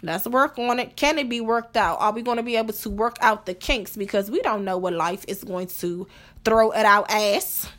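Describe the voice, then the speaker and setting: At a moderate pace, a woman with a medium-pitched, slightly bright voice holds forth on relationships in a casual podcast monologue. As host, she's blunt and profane, tossing out rhetorical questions.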